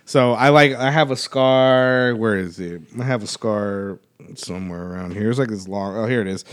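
A man co-hosting a podcast, telling relaxed anecdotes in casual chat with the odd swear. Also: on the low side, moderate pace. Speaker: podcast co-host.

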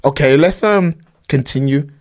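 A man hosting a casual reaction stream, animated and talking straight to his chat. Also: a little high, moderate pace. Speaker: stream host reacting to a clip.

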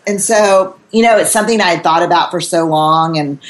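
Low-voiced woman guest telling a story, animated and candid, swears a bit. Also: brisk, noisy background. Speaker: guest author and researcher. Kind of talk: casual storytelling.

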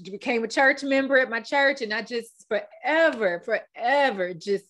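A woman's voice: medium pitch, fairly bright tone. Heartfelt woman podcast host. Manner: heartfelt testimony, repeats words, fillers. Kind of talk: casual faith-based podcast talk.

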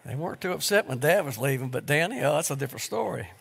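A middle-aged man preaching a sermon, telling stories with repeated words and pauses. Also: on the high side, animated, gravelly, a bit bright, husky. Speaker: pastor. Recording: long hall reverb.

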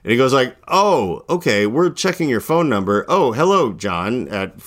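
A fairly bright, very animated voice at medium pitch and moderate pace belongs to a young adult podcast host. He rambles casually through a long late-night story, filling it with "like" and acting out both sides of his phone calls.

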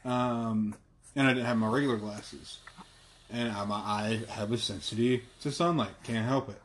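A man's voice: fairly low pitch, fairly even intonation, normal speed, slight background noise. A young man from the American South with a Southern accent, co-hosting a casual chat, rambling with restarts and casual swearing. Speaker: podcast co-host.

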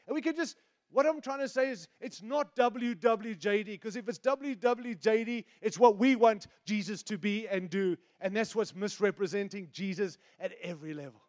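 Middle-aged guy preaching, high voice, teasing, gets loud then drops way quiet. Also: moderate pace. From outside the United States. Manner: animated, teasing, switches between loud emphasis and hushed asides. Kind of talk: sermon.

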